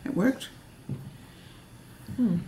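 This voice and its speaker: A woman's voice: very slow, warm tone, slight background noise. Chatty woman vlogging from her kitchen. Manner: chatty, giggly, self-mocking. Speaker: home cooking vlogger. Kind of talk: casual kitchen vlog chat. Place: home kitchen.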